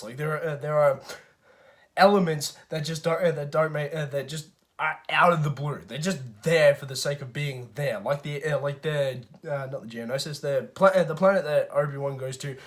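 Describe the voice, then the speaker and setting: Stammering, profane male movie reviewer. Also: a little high. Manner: profane, frequent stammered restarts and fillers. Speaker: film reviewer. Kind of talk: casual movie review rant.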